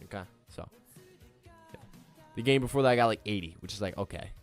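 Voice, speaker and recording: A man's voice: on the low side, very fast. Young man, casual streamer, chatty and joking, faint music under the voice. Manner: chatty, joking, talks straight to viewers. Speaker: livestreaming day trader. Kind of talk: casual live stream chat.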